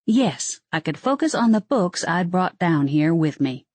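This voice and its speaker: A woman's voice: fairly low pitch, sing-song, a little slow, darkish tone, no echo. Woman reading a first-person audiobook. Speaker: audiobook narrator.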